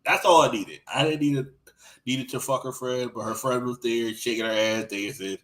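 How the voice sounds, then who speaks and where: A man with a mid-range voice tells raunchy stories in casual podcast chat. He rambles and restarts often. He acts out quoted lines, dropping soft and then jumping loud. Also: medium pitch, steady tone, moderate pace, poor audio. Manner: crude, rambling storytelling with lots of restarts.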